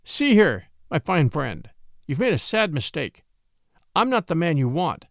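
A man voicing a cool, cunning young attorney in a story reading, smooth and commanding. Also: fairly high pitch, sing-song, a little slow, no room sound, studio quality, full character voice. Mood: indignant. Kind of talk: audiobook character voice.

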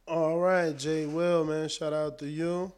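A man's voice: fairly high pitch, flat delivery, slow, darkish tone. A man hosting a casual call-in show, laid-back and slangy, calling out listeners by name.

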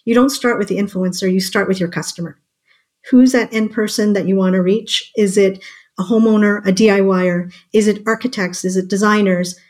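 A woman's voice: mid-range voice, steady tone, a little fast, darkish tone. Woman explaining marketing with confidence. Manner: confident explanatory, rhetorical questions. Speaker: guest marketing expert. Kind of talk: podcast conversation.

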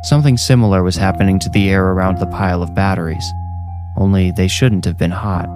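A man narrating a first-person horror story in a measured, grim way. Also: low-pitched, steady tone, over music.

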